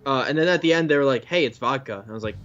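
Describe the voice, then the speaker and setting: Talking very fast in a slightly bright, mid-range voice, this young gameplay channel co-host rambles casually as his friend plays, restarting and correcting himself. The recording is slightly dull lo-fi with a little hiss or hum and faint game music behind him.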